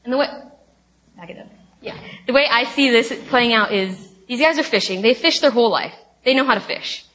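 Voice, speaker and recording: A woman's voice: fairly high pitch, brisk, a bit bright, slight background noise. A young woman giving a casual teaching talk on a Bible passage, chatty and informal, with many fillers and playful retellings. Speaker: speaker at a college ministry talk.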